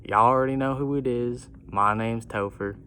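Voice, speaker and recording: A man's voice: medium pitch, steady tone, moderate pace, pushed and bright, a little hiss or hum, natural voice. A man voicing a small, gloating villain who talks in a thick Southern country drawl. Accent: American Southern.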